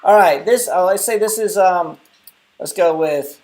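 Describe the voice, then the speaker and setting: A man's voice: high voice, unhurried, a little mellow. Young guy rambling on his live stream, chatty, replying to chat. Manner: chatty, rambling, answers viewer comments. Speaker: live stream host and app developer.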